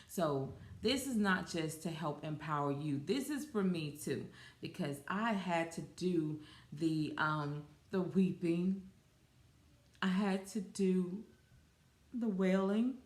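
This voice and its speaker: A woman's voice: lowish voice, slow, echoey room. A woman hosting her own podcast, talking casually and giggling often as she addresses listeners as y'all. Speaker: podcast host. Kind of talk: casual solo podcast talk.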